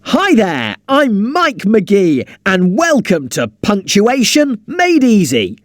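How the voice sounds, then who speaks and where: A man playing a friendly punctuation tutor, presenting educational software in an upbeat, chatty way, talking straight to the user. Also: sits high, wildly swooping pitch, slow pace, no room sound, full character voice.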